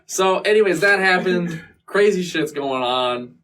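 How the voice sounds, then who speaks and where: A man's voice: high-pitched, expressive, unhurried, pushed and bright. A man casually telling a long story as an interview guest, swearing often and acting out what people said. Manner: profane, rambling, acts out quotes. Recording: distant mic with faint room noise.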